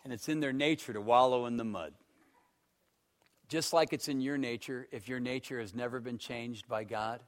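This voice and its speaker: A man preaching a sermon, telling stories and swinging between loud emphatic stretches and hushed ones. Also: medium pitch, fairly even intonation, normal speed. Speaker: pastor.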